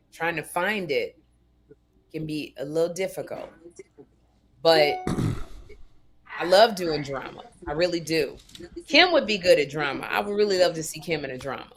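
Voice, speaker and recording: Woman, co-host, casual chat, animated, exasperated bursts. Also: low-pitched. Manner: animated, mock-exasperated outbursts.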